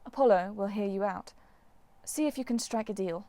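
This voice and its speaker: Brief: woman reader as composed huntress goddess, cool and wry, mid-pitched. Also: normal speed, dry recording, lightly acted. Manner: calm, dry, understated. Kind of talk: audiobook character voice.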